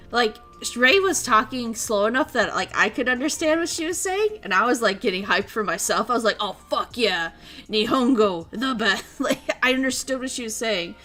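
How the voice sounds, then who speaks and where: A woman streamer chatting casually, telling a story in an excitable way, laughing often and acting out what people said. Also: fairly high pitch, brisk, faint music behind. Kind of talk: casual chat.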